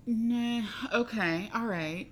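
Animated, laughing female podcast co-host. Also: a little high, takes it slowly, a little hiss or hum. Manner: laughing, swearing, animated reactions. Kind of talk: casual chat.

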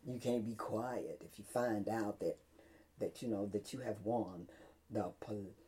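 A woman preaching a sermon, swinging from loud cries to hushed whispers. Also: very deep voice, a little slow.

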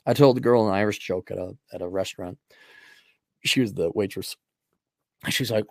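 A man hosting a podcast, reading out donor messages and answering them in blunt, crude, rambling talk that swings from loud outbursts to low muttering. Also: expressive, normal speed, pauses often, dry recording, clean studio sound. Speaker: podcast host. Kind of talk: livestream donation reading.

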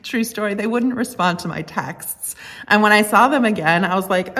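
A woman's voice: mid-range voice, brisk, a bit bright. A woman pastor giving a conversational sermon, earnest and reflective, telling stories with a touch of humor.

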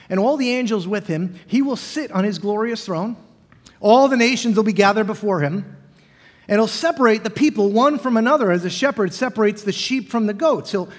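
A middle-aged male pastor preaching a sermon in a church, talking conversationally and acting out the questions of the disciples. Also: sits high. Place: church sanctuary. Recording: long reverb of a large hall.

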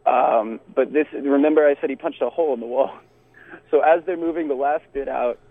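A man's voice: medium pitch, a little fast, no echo. A young man from Texas, telling a story in casual podcast chat, laughing often. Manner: animated, laughs often, many fillers. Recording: tinny phone-like sound.

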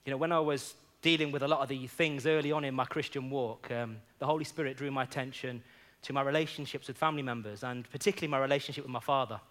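A man's voice: mid-range voice, fairly even intonation, quick pace, few pauses, a bit bright. A man preaching in a church, telling personal stories in an earnest, conversational way, often saying "you know". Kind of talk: sermon with personal storytelling.

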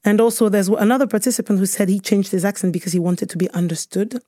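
A woman from Cameroon answers questions about her research in a mellow, soft-edged voice. She thinks aloud, with frequent fillers and self-corrections. The sound is close and dry. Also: medium pitch, quick pace, dry recording. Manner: thoughtful, with frequent fillers and restarts. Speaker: researcher guest. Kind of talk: interview answers.

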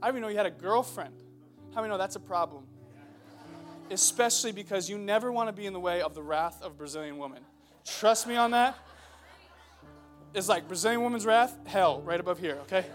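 A man in his twenties preaching a sermon in a church, loud and joking, calling out to the crowd. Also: high voice, brisk, pauses often, soft background music. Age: 20s. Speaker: pastor. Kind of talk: energetic sermon. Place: church hall.

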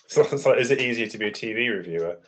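A man co-hosting a casual wrestling podcast, talking in a relaxed, analytical way and laughing easily. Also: lowish voice, very fast.

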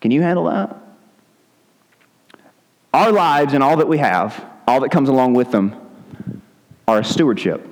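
A man's voice: medium pitch, expressive, moderate pace. A man preaching a sermon as pastor, conversational and with joking asides. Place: church sanctuary. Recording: long hall reverb.

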